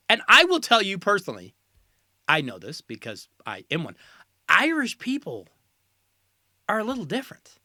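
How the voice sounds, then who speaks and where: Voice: mid-range voice, bright, forceful tone, no room sound, clean studio sound. An American host giving a joking solo commentary, full of sarcastic asides. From United States.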